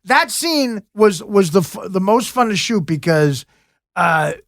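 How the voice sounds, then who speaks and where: A man's voice: high-pitched, lively intonation, unhurried, a bit bright, no room sound, clean studio sound. A man, a comedian guest, telling rambling anecdotes on a podcast and laughing at his own jokes. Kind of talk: casual podcast storytelling.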